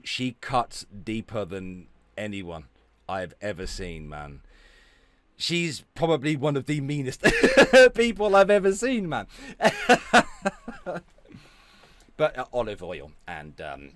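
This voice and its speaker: Welsh man, middle-aged, streaming reaction commentary, wildly animated pitch, profane, dry sound. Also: slow pace, dry recording. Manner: profane, swings between loud outbursts and low mutters. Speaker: livestream host.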